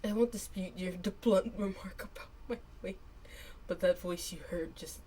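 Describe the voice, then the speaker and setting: A woman streamer reading a game aloud and voicing its characters, animated, with a voice that cracks and goes raspy up high. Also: normal speed, slight background noise. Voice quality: raspy in higher register. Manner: animated, laughs often, voice cracks on high notes. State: hiccups.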